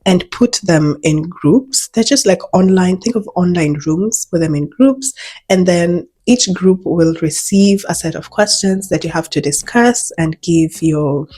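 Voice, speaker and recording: A woman's voice: on the low side, a little slow, dark tone, husky. A woman talking to camera in a casual, direct way, giving practical advice on job interviews.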